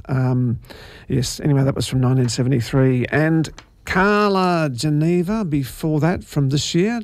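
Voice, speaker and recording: A man's voice: medium pitch, vocal fry, a little mellow, no room sound. A man presenting community radio in a rambling, chatty way full of fillers and asides.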